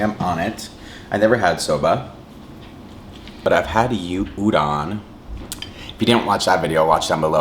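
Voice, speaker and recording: Over slight background noise, a deep-voiced man chats casually to his viewers during a mukbang. He rambles and leans on "like" a lot, chewing and humming between bites.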